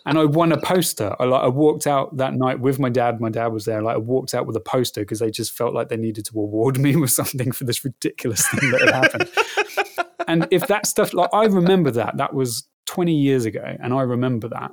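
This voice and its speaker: Halting, easygoing man in his thirties. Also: mid-range voice, no room sound, studio quality. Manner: halting, repeats words as he gathers thoughts. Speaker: podcast guest. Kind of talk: casual conversation.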